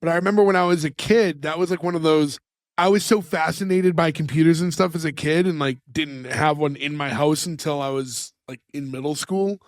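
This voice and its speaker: High-voiced man rambling casually. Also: fairly quick, no room sound. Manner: rambling, filler-heavy recaps with put-on quotes. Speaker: podcast co-host. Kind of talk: casual chat.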